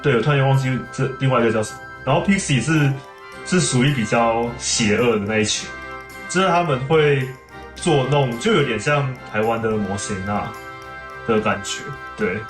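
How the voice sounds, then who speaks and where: Male game streamer, chatty, mid-pitched, roomy room, faint game music. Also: moderate pace. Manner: chatty, explains at length, laughs often. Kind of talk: casual live-stream game commentary.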